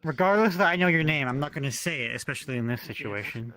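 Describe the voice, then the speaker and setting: A man with a slight lisp speaking in character in a role-play game, measured and polite, a little weary. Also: medium pitch, animated, pushed and bright.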